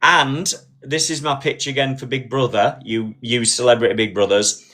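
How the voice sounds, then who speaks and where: A man hosting a casual live-stream chat, telling an animated story. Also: medium pitch, moderate pace. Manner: animated storyteller, acts out voices in quotes. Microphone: phone on live stream.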